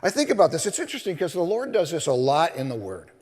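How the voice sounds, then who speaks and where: A male minister giving a sermon, telling scripture stories in an animated way and acting out the voices. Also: fairly high pitch, fast talker. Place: church sanctuary. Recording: long reverb of a large hall.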